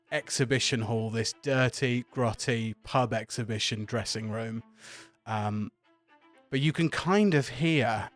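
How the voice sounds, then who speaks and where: A man narrating a tabletop game as game master, loose and descriptive. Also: lowish voice.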